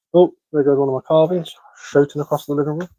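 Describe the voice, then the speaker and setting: A man's voice: a little high, vocal fry, a little mellow, no echo. Jokey man, dry close sound. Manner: chuckles at his own dad jokes. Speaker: bushcraft live-streamer. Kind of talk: casual live-stream chat telling jokes. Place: living room at home.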